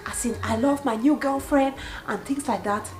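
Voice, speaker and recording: Young woman from cameroon doing a storytime vlog, voice sits a bit high, animated and laughing a lot. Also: normal speed, rough recording. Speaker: vlogger.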